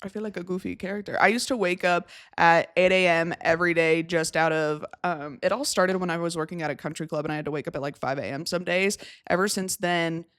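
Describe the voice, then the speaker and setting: A woman's voice: lowish voice, fairly even intonation, fairly bright tone, dry recording. Teasing woman co-host, dry close sound. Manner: teasing, goofy, quick to laugh. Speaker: podcast co-host. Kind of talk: casual chat.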